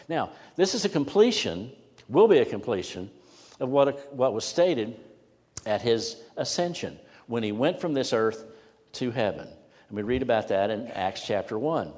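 A middle-aged male pastor giving an expository sermon, stressing key words and pausing between phrases. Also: mid-range voice, sing-song, darkish tone. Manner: expository preaching with rising emphasis and pauses. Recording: long hall reverb.

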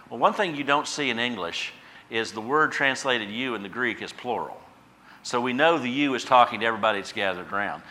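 A man preaching a sermon as pastor, swinging from quiet asides to loud emphatic bursts. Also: on the low side.

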